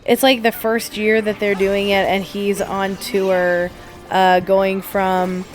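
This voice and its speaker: A woman's voice: medium pitch, slow pace. Chatty woman podcast co-host. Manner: chatty, animated storytelling with acted-out quotes. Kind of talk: casual chat over a game playthrough.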